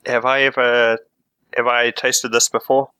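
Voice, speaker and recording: A man talking casually as a player in a tabletop game, relaxed as he explains his character's backstory at length. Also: medium pitch, unhurried, smooth, no room sound, poor audio.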